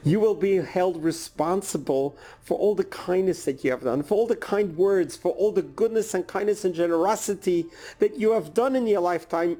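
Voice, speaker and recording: A man's voice: fairly high pitch, dark tone. Emphatic male preacher telling a story. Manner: slow, emphatic, deliberate. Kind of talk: sermon with storytelling.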